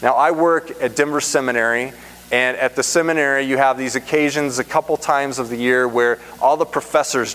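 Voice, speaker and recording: A man's voice: mid-range voice, steady tone, brisk, a bit bright. A man preaching a sermon in an earnest, emphatic way, repeating phrases for stress. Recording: reverberant hall, faint hum.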